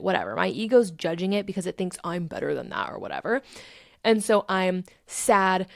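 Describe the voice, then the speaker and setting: A woman's voice: fairly low pitch, sing-song, moderate pace, gravelly, no echo, studio quality. A woman hosting a podcast, talking in a blunt, emphatic, casual motivational monologue and swearing freely. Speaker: podcast host.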